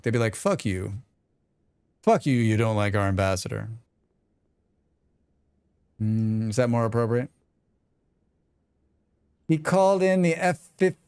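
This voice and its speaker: A man's voice: mid-range voice, a little mellow, smooth, dry recording, studio quality. A man streaming a game live, chatting casually with viewers and talking to himself as he plays, rambling and swearing freely. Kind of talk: casual live-stream chat while playing.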